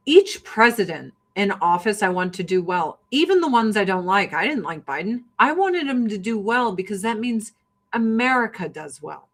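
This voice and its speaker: A woman's voice: mid-range voice, fairly bright tone. A woman in a casual political rant, blunt, sarcastic and often profane. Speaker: livestream host.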